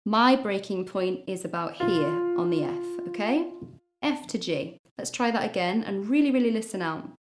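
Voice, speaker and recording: A woman's voice: medium pitch, lively intonation, normal speed, soft background music. A woman teaching a singing lesson, explaining patiently and stopping to demonstrate notes with her voice. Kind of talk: vocal lesson.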